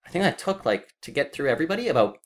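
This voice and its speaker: A man's voice: on the high side, sing-song, rapid-fire. A man co-hosting a casual discussion, opinionated and talking with frequent fillers. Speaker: podcast co-host.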